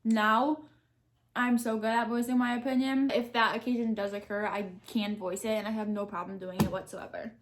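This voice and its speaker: A woman's voice: on the high side, level tone, moderate pace, slight background noise. A young woman answering question cards while eating, talking candidly and thinking aloud. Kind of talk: casual mukbang chat.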